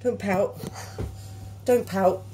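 A parent in her thirties teaches a recipe at home, explaining it casually while gently guiding her small son, all captured on a phone held by hand amid kitchen noise. She talks in a mellow, mid-range voice with a steady tone, very slowly.

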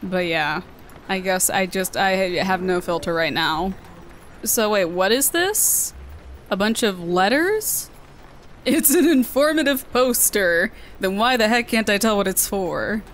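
A woman's voice: mid-range voice, animated, a little slow, fairly bright tone, slight background noise. A woman with a Southern American accent, giving chatty, playful commentary while she plays a video game. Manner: chatty, playful, talking to herself. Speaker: gaming video host. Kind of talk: let's play commentary.

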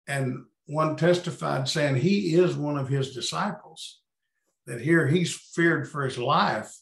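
A Bible study teacher works through scripture, reading verses and musing on them aloud. His man's voice has a gravelly edge, and he takes his time. The sound comes through a video call from an echoey room. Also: mid-range voice. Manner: thinks aloud, reads and paraphrases scripture.

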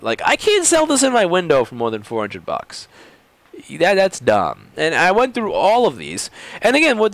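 Blunt, animated repair shop owner, man. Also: high-pitched, no echo. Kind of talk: casual rant vlog.

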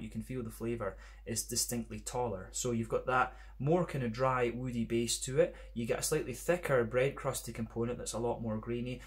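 A man with a Scottish accent and a medium-pitched voice reviews beer in a casual, rambling monologue. His speech is full of fillers like "kind of" and "sort of."

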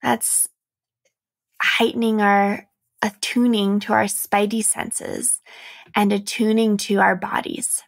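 A young adult woman hosting a reflective solo podcast as a coach, speaking softly and earnestly with light laughs. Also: medium pitch, flat delivery, takes it slowly, creaky.

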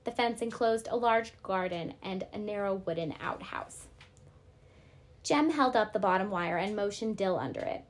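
A woman teacher reading a novel aloud to her class, steady and clear. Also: medium pitch, normal speed.

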